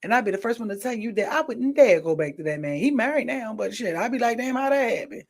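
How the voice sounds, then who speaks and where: A woman's voice: a little high, quick pace. Emphatic woman podcast host. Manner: emphatic, repeats phrases for stress; animated, swings loud and soft. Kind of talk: casual chat.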